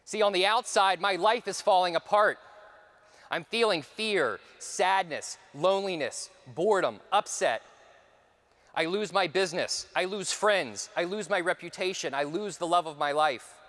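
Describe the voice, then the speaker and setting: A man giving a conference talk, telling a personal story with dramatic shifts, sometimes dropping to a hushed voice. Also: high voice, long reverb tail. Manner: dramatic storytelling, dropping to near whispers for repeated phrases. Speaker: conference speaker.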